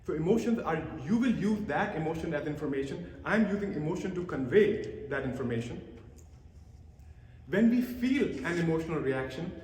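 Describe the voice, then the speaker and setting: A man's voice: a little high, moderate pace. A man giving a talk on emotions to an audience, telling stories and acting out the quoted voices of the people in them. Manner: acts out quoted voices, animated storytelling. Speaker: lecturer. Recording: echoey hall with long reverb.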